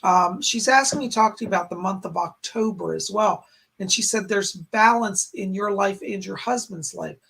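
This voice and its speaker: Hoarse, gravelly-voiced male psychic host. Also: high-pitched, fairly bright tone, slight background noise. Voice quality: raspy. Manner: short halting phrases, relaying spirit messages. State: strained, hoarse voice. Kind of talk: live-stream chat and readings. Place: home in a rural area.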